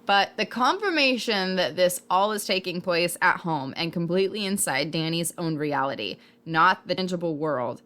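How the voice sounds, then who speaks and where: A young woman talks through a show in casual conversation. Her voice sits slightly low and she sounds animated, piling up questions as she thinks aloud. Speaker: podcast co-host reviewing a TV series. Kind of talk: casual chat.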